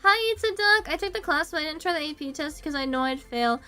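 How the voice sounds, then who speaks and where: A woman's voice: high voice, animated, fast talker, sharp tone, soft background music. A young woman from the United States, chatting casually on a stream. She rambles, giggles, swears casually and pokes fun at herself. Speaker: VTuber streamer.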